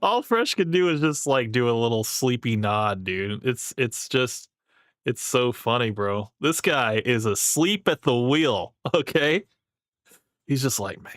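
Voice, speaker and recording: A man's voice: mid-range voice, expressive, a little slow, a bit bright, no echo, studio quality. Laid-back young man rambling on mic. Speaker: streamer reacting to clips. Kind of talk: casual reaction commentary.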